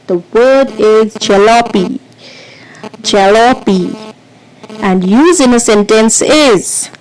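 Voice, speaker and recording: A woman's voice: a little high, darkish tone, slight background noise, poor audio. A woman teaching vocabulary as a quiz, explaining patiently and counting down before each answer. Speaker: English teacher.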